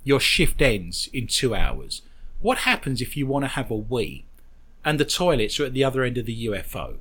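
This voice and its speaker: Male podcast host, animated delivery, jokey riffing on news items. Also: medium pitch, normal speed. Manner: jokey, riffing on absurd details. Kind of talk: comedic podcast chat, reading news stories.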